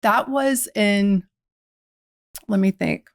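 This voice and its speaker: A woman's voice: mid-range voice, drawn-out words, gravelly, no echo, studio quality. A woman from the South, speaking, tells her story reflectively as a guest in a podcast interview. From American South. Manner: reflective, uses quoted inner dialogue.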